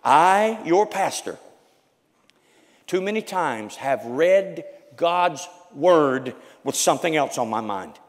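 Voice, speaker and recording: A man preaching as a pastor, with a raspy, loud voice, swinging from shouts to hushed prayer. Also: a little high, expressive, slow pace, big-room sound. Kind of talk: sermon. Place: church sanctuary.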